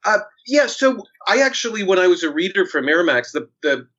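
A man's voice: high-pitched, very animated, brisk, a bit bright. Chatty man with a lo-fi sound. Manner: chatty, many fillers and restarts. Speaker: actor guest. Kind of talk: casual chat, storytelling. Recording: dull lo-fi sound.

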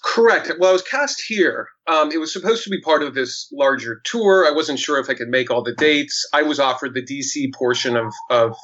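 A man's voice: medium pitch, moderate pace, few pauses, fairly bright tone. A man, an actor, telling a story in casual chat, with many fillers and restarts. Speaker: actor guest. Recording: dull lo-fi sound.

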